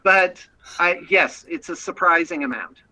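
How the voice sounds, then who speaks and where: This is an American man chatting as a guest, talkative and keen to sell his studio. His voice is strikingly bright and rides somewhat high. He often backs up and restarts mid-sentence. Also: a little slow, rough recording. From United States. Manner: talkative, self-promoting, frequent restarts. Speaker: guest, painting studio owner. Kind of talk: casual chat.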